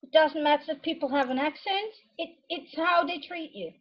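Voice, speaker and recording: A woman with a high voice chats casually and laughs often. The audio is dull and lo-fi, as on a home stream. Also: moderate pace. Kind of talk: casual chat.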